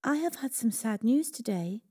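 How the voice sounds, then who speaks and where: A woman's voice: on the high side, lively intonation, normal speed, mellow, husky, voice pushed up. A woman voicing a brave, earnest young queen in a storybook reading, speaking in a pleading tone.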